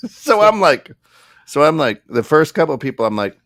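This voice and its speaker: A man's voice: a little high, moderate pace, pauses often, no echo, studio quality. A man co-hosting a podcast, telling a funny story in casual chat, laughing often and acting out the voices of the people in it. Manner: animated, laughing, acts out voices in anecdotes. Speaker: podcast co-host. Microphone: studio microphone.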